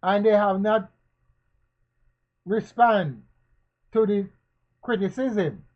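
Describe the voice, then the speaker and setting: A man giving spoken commentary, asking questions again and again and preaching in a slow, emphatic way. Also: high-pitched. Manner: rhetorical, repetitive questioning. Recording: dull lo-fi recording.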